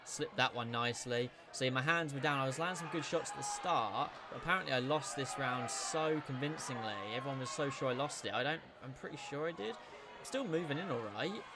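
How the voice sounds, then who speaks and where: A young man reacting to footage of his own boxing match, giving animated, self-critical play-by-play. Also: medium pitch, a little fast. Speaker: boxing video creator. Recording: noticeable background noise.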